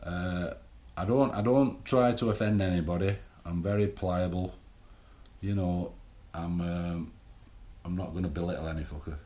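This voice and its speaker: A middle-aged man gives a blunt, swearing, rambling pep talk straight to camera. His voice sits fairly low. The room around him rings with echo. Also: steady tone, normal speed, dark tone. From England. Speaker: bodybuilding vlogger. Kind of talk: casual monologue to camera. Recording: echoey room.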